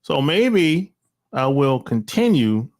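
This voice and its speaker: Slow, animated man ranting. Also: mid-range voice. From United States. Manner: slangy, blunt, drawn-out delivery with mocking asides. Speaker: vlogger. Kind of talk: casual opinion monologue. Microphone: cell phone.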